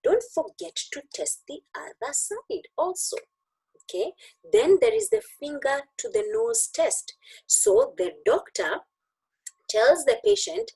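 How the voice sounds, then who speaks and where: A woman's voice: extremely high pitch, sing-song, takes it slowly, gravelly, mellow, poor audio. A woman tutoring doctors in an online exam-review lesson, joking and demonstrating as she teaches, heard through a computer mic on a video call.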